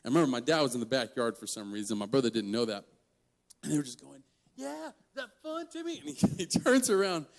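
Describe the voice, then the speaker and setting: A man in his twenties giving a storytelling sermon to young people, animated and joking, laughing mid-story. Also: medium pitch, quick pace. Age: 20s. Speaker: guest youth speaker.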